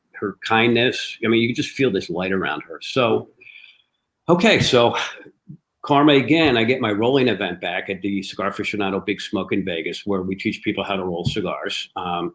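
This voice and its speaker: Animated storytelling man, low voice. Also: rough recording. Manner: animated storyteller, acts out quoted dialogue. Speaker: cigar company guest. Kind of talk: casual storytelling interview. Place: live online show.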